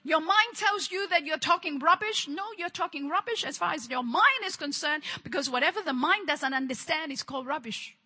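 High bright-voiced fervent woman preacher. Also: husky. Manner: fervent, repetitive call-and-response preaching. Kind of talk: charismatic sermon.

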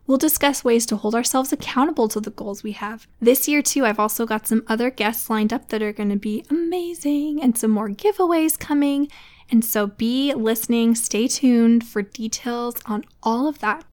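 A woman's voice: on the high side, normal speed. A woman in her thirties hosting a casual solo podcast, chatty and encouraging as she talks to other mothers. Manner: warm, encouraging, chatty with laughs. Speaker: podcast host.

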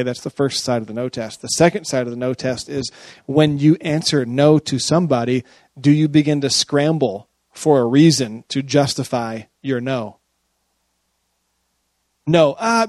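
A man's voice: mid-range voice, a little mellow, no room sound. A man preaching a sermon as a pastor, chatty and often checking in with his listeners. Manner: conversational, often checks in with the audience.

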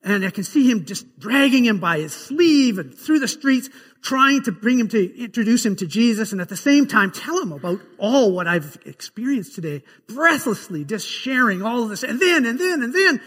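A man's voice: high voice, expressive, moderate pace, fairly bright tone, husky, big-room sound. A man preaching a sermon, retelling scripture scenes as a vivid story. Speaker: pastor. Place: church sanctuary.

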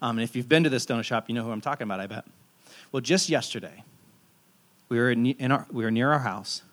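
A man in his thirties, a pastor preaching a sermon in a relaxed, conversational and self-deprecating storytelling way. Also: mid-range voice, fast talker.

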